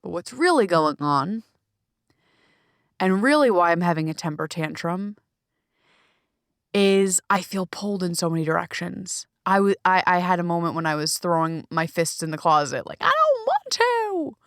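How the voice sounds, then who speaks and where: With a clean tone and a lowish voice at normal speed, a woman hosts her own podcast and coaching, speaking alone in a small closet. Her monologue is frank, heavily profane, emphatic and expressive. There is no room sound and the quality is studio-grade.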